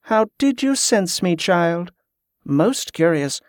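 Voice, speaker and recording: A composed spell-working monk who speaks with measured courtesy and a quiet menace, as a male narrator voices him. His voice sits a little above the narrator's own and sounds dry and close. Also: high-pitched, sing-song, no echo, exaggerated voice. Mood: coolly menacing. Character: calm, watchful monk who works spells.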